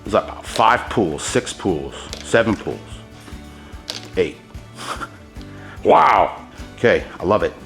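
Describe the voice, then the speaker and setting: A man's voice: deep voice, animated, takes it slowly, vocal fry, pauses often, a bit bright, soft background music. Upbeat man coaching an epoxy tutorial. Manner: enthusiastic, exclaims at his results, coaches with pro tips. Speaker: host demonstrating epoxy countertop techniques. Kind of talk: hands-on tutorial talking to viewers.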